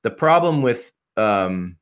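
A man's voice: fairly low pitch, sing-song, slow pace. A man talking as a podcast guest, rambling passionately about music, swearing freely and restarting his sentences. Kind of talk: casual podcast conversation.

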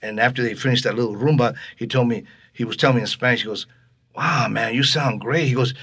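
A man's voice: mid-range voice, fast talker, husky. A man from Texas telling stories in an interview, acting out the voices of people in his tale. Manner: animated storyteller acting out voices. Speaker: guest musician. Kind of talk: storytelling interview.

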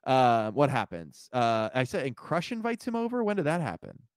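A man co-hosting a casual podcast, talking through a movie in a loose, rambling way. He laughs often and drops casual profanity. His middle-pitched voice is recorded close and dry, with no room sound. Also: huge pitch swings, moderate pace, dry recording. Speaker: podcast co-host. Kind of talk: casual movie review chat.

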